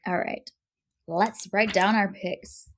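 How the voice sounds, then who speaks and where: A woman co-hosting a film podcast, upbeat and quick to laugh as she runs the segment. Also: mid-range voice, steady tone, background noise. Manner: laughs often, upbeat moderator. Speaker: podcast co-host. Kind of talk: casual chat.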